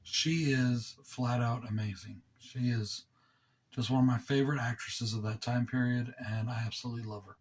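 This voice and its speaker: A man hosting his own movie review channel, talking low and rambling casually with a sore throat. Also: slightly rough. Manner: relaxed, rambling, enthusiastic with fillers.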